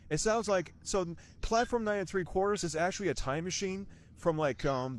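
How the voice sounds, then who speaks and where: Rambling young man, lively pitch. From United States. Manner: meandering, with frequent restarts and rhetorical questions. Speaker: vlogger reviewing a movie. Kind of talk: rambling casual movie review.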